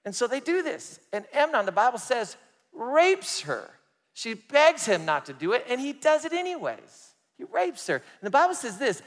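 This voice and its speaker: Preacher, high tenor, animated storyteller, big hall reverb. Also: male voice, a little fast. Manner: animated storytelling, swings loud and soft. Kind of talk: sermon testimony.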